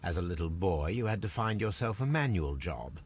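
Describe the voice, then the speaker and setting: A calm, sharp-minded detective questions a suspect in a measured, deductive voice. His pitch sits very low yet moves in wide, lively swings. It is game dialogue, poised and methodical. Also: slight background noise. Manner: measured, deductive and coolly probing. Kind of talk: video game voice acting.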